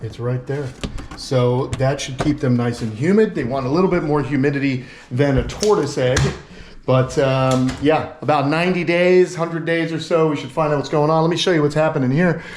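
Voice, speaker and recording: A man's voice: a little high, normal speed, a little mellow, slight background noise. A man hosting a casual vlog at a reptile sanctuary, talking with enthusiasm to the camera and to the animals, recorded on a camera mic indoors. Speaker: vlog host at a turtle and tortoise sanctuary.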